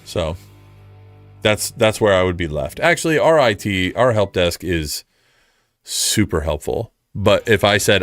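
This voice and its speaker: A man's voice: sits low, animated, a little slow, a bit bright, soft background music. A man streaming casually, rambling and frustrated, mocking himself as he chats with viewers. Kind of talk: casual live-stream chat.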